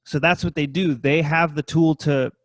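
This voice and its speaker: A man co-hosts a podcast in loose, rambling chat that is thick with swearing. His voice sits a little high for a man. The sound is dry and close, with no room echo. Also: steady tone, normal speed. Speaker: podcast co-host. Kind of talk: casual profane chat.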